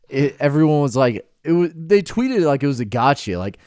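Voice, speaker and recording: A man co-hosting a podcast chats casually, cracking crude jokes and laughing often. His mid-range voice is very animated with a darkish tone at a moderate pace, captured in clean studio sound with no room sound.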